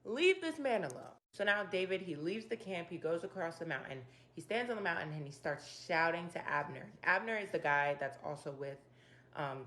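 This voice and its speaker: A woman hosting a casual Bible chapter breakdown, retelling the story in her own slangy words with animated, opinionated asides. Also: low-pitched, a little hiss or hum. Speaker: Bible study video host.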